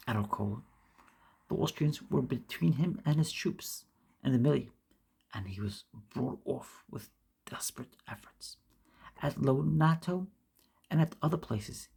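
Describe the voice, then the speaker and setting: A woman reading a classic essay aloud, with an emphatic delivery, often going back to fix misread words, in a gravelly, husky voice. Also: very deep voice, mellow. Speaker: reader.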